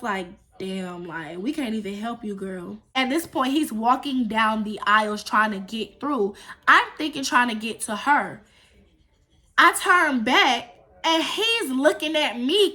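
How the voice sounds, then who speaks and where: A young adult woman telling a story casually in a vlog, with animated, profane, emphatic delivery. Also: on the high side. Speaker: storytime vlogger.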